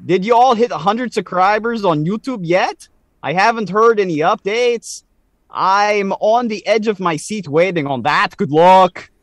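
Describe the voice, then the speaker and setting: A man putting on an exaggerated, deliberately bad French Canadian accent to read out a listener's email on a podcast. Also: high-pitched, no room sound, pitched above the performer's own voice. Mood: mock-earnest. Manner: hammy, exaggerated put-on accent.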